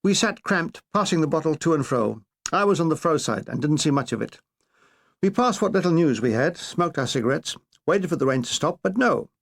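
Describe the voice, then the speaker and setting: An older man reading his own comic memoir with wry, deadpan asides. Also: a little high, brisk, gravelly. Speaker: author narrating his memoir.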